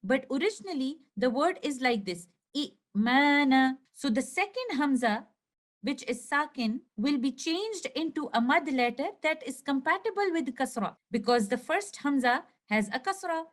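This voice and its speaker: High-voiced woman teaching pronunciation. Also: expressive. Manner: slow, clear explanation, stretching example words. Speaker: tajweed teacher. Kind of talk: recorded lesson with slides.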